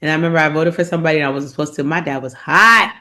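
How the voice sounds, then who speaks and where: Woman podcast co-host, casual chat, animated storytelling, loud acted-out quotes. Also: low-pitched, racing. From immigrant family, not from this country.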